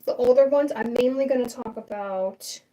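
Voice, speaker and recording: A woman's voice: on the high side, moderate pace, mellow, distant mic, low-quality recording. A young adult woman hosting a casual livestream, rambling and opinionated with lots of fillers and restarts. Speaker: livestream host.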